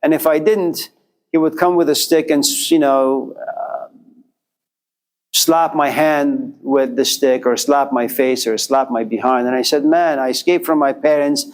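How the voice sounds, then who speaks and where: A man's voice: medium pitch, steady tone, measured pace. A man lecturing to a class, telling a life story in a repetitive, rhythmic way with quoted inner voices.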